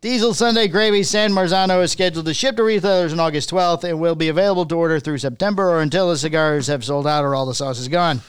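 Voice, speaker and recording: A man's voice: a little high, fast talker, few pauses, clear, resonant tone, no echo, studio quality. A man co-hosting a podcast, reading product news aloud and joking with his co-host. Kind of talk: casual chat, reading news. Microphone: podcast studio mic.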